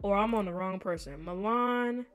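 A woman hosting a gaming video, chatting casually to viewers and reading game text aloud in an expressive way. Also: medium pitch, moderate pace, clean tone. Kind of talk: casual let's-play commentary to viewers.

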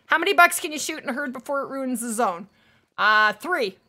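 Woman live streamer, casual game chat, high voice, bright tone. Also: animated, a little fast. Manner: chatty, thanks viewers warmly by name.

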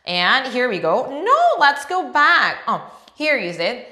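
A woman teaching English to young children, animated, with gasps and slow repetition. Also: high voice. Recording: echoey room.

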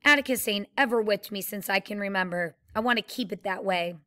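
Lady reading out a stubborn serious older brother, bright crisp voice, plain reading. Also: medium pitch, brisk, natural voice. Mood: determined. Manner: plain read-aloud dialogue.

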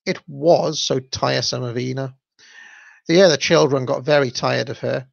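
A man reading a children's story aloud, adding asides with fillers and halting restarts. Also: mid-range voice, fairly even intonation, vocal fry, no echo. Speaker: storybook reader and commentator. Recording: dull, dry lo-fi recording.

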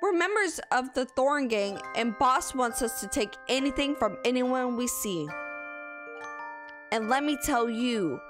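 Threatening gang member, woman reading, lively high voice, game music behind. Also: measured pace. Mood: menacing. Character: threatening male gang member robbing travelers.

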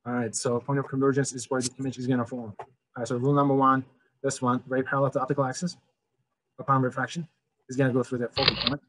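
A man's voice: medium pitch, flat delivery, fast talker, a bit bright, poor audio. A man teaching physics in a casual lecture over slides, talking loosely with many "all right" restarts.

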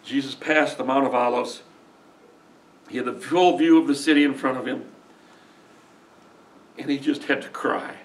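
A man's voice: medium pitch, moderate pace, long pauses. Middle-aged male pastor, earnest emotional folksy sermon delivery, mid-range voice, miked from a distance. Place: church sanctuary.

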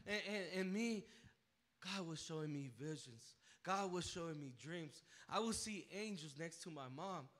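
A man preaching a personal testimony to a church, emotional and full of repeated words and restarts, rising to near shouting at the high points. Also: moderate pace. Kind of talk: sermon testimony. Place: church sanctuary.

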